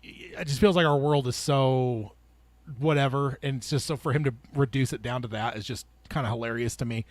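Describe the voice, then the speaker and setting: A man's voice: mid-range voice, a little fast, no echo. A man hosting a casual book club podcast, reading passages aloud and talking it over with plenty of fillers and restarts. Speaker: podcast host.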